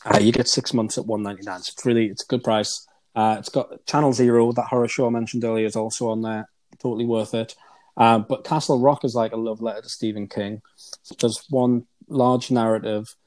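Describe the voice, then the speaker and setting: A man's voice: mid-range voice, little pitch movement, brisk, darkish tone, no echo. A man hosting a podcast, chatting casually with rambling asides and frequent laughs. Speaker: podcast host. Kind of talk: casual chat.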